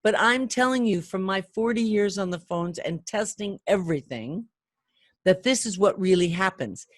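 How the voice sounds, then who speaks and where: A woman's voice: mid-range voice, moderate pace, no room sound, clean studio sound. Chatty older woman coaching phone manners. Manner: chatty, animated, acts out callers' lines. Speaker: phone sales trainer. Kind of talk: training talk to camera.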